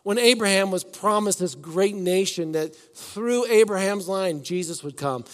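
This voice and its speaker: A man preaching a sermon as pastor, swinging between loud emphatic lines and soft hushed ones. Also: high-pitched, a little slow, long reverb tail.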